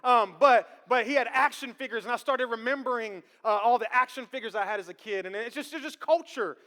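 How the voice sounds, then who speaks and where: High-voiced joking pastor in a reverberant church. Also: male voice, fairly quick. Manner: joking, animated preaching with audience asides. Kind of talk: sermon. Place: church sanctuary. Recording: long church hall reverb.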